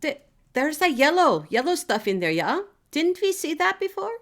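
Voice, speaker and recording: A woman playing a tabletop game, talking in an animated way. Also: high-pitched, moderate pace. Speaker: player. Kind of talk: casual tabletop play.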